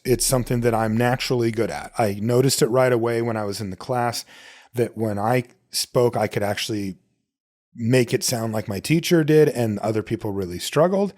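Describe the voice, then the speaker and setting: A man's voice: mid-range voice, darkish tone. A man hosting a podcast on his own, telling a personal story in a loose, rambling way that often corrects itself. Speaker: podcast host. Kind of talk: casual solo podcast talk.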